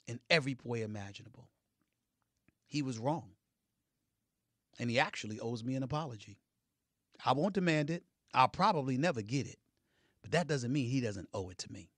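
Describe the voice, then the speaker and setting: A man's voice: dry recording, studio quality. Fired-up man on a sports talk rant. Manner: emphatic, swings from loud declarations to low intense remarks. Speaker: sports commentator. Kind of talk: heated on-air commentary.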